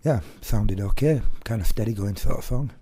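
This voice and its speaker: A man co-hosting a casual radio show. His voice is mellow and dark with a husky grain, and his manner stays dry and unimpressed. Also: on the low side, normal speed. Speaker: radio co-host. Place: radio studio.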